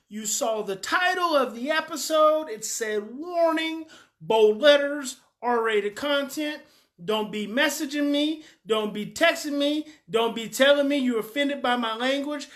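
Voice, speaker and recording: A woman's voice: a little high, a bit bright. A woman coach giving a frank, emphatic daily talk, repeating her key points and swearing a little. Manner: emphatic and repetitive. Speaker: parenting coach.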